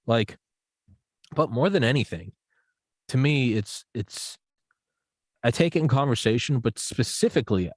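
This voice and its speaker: A guest on a podcast, this man speaks at medium pitch with no echo. Chatting casually, he rambles, swears freely and acts out little examples along the way.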